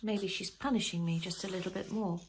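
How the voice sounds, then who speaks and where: A woman's voice: mid-range voice, fairly even intonation, fairly quick, slight background noise, lightly acted. A woman reading the lines of a troubled young mother in a storybook, rueful and wry. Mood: shaken. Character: troubled young mother, estranged from her family.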